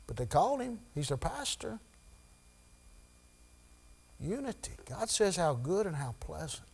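A man preaching a sermon in a church, building from quiet talk to loud, high-pitched preaching. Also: big pitch swings, unhurried, creaky, breathy edge. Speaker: pastor.

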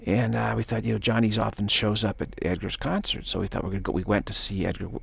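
A man's voice: on the low side, fairly even intonation, fast talker, vocal fry, a bit bright, husky, dry recording. An older man giving an informal spiritual talk, rambling through anecdotes and acting out little dialogues with a chuckle. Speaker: spiritual teacher.

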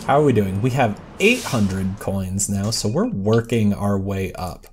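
A man's voice: fairly low pitch, expressive, unhurried, slight background noise. A man giving casual, rambling gameplay commentary as a let's play host, self-deprecating and chatting to the characters on screen.

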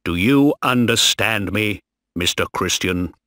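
A man's voice: lowish voice, animated, takes it slowly, pushed and bright, no echo, clean studio sound, heavily acted. A man reading as a stern ship captain. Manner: curt, issues orders. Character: stern strict male ship captain, commanding.

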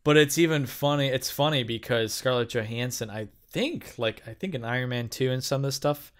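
A man's voice: medium pitch, a little fast, clear, resonant tone. A man co-hosting a movie podcast, talking casually and hesitantly, often stopping to find his words. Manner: hesitant, many fillers and restarts, easygoing. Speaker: podcast co-host. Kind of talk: casual chat.

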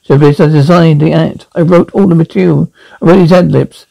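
A man's voice: on the high side, steady tone, fairly quick, creaky, mellow, no room sound, poor audio. A man voicing a vicious, foul-mouthed male ventriloquist dummy that snarls crude heckling in a radio drama. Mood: boastful.

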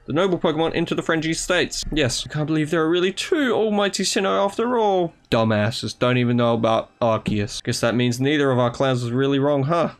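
A young man commentates his video game run in a slightly high voice. He jumps between excited yelps, sarcastic jabs and casual swearing, and reads the on-screen dialogue aloud as he goes. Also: fairly quick, hardly any pauses. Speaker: gaming YouTuber. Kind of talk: let's play commentary.

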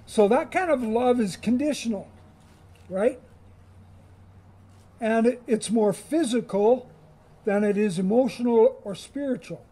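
A man's voice: very high voice, unhurried, long pauses, mellow, slightly rough. A male chaplain giving a chapel talk, explaining ideas plainly and speaking directly to his listeners. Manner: plain teaching tone, addressing the group directly. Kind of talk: chapel sermon.

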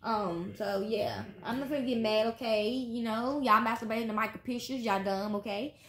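A woman in her twenties with gives a casual tarot reading in a fairly high voice. She talks bluntly, swears freely and keeps tagging "okay?" onto her lines. The sound echoes off the walls of the room. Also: moderate pace. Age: 20s. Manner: blunt, profane, says okay constantly. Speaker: tarot reader.

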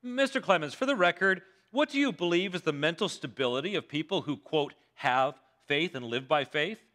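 A man's voice: a little high, animated, normal speed, a bit bright. A male pastor acting out a confident female prosecutor questioning witnesses in a pointed way. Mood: probing.

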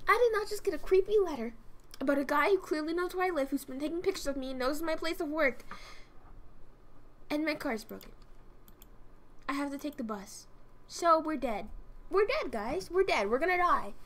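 A woman streamer chatting casually to her viewers while playing a game, playful and teasing, swinging between loud outbursts and low muttering. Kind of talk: casual gameplay commentary to chat.

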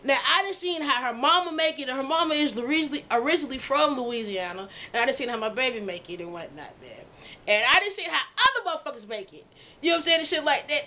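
Woman vlogger, high voice, brash and foul-mouthed, slightly lo-fi sound. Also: sing-song, fast. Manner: profane, boisterous, rambling. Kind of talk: casual vlog chat.

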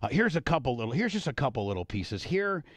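Male radio host, mid-pitched voice, cusses a lot, gets excited, restarts sentences, dry close sound. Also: quick pace, dry recording. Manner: profane, excitable, repeats himself. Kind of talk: casual interview chat.

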